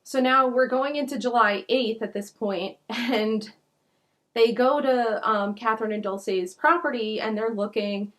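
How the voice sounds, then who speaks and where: A woman's voice: a little high, a little slow. Chatty woman telling a true crime story. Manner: chatty, heavy use of "like", indignant asides. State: out of breath. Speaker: true crime podcast host.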